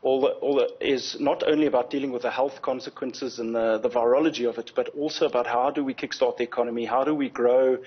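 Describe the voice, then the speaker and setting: A man speaks as a guest on a TV news interview, explaining at a measured pace and repeating words as he gathers his thoughts. His voice is a little husky and sits in a middle register. The audio sounds slightly dull and muffled. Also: medium pitch, fairly even intonation. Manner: measured, explanatory, frequent word repetitions. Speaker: insurance company executive, guest.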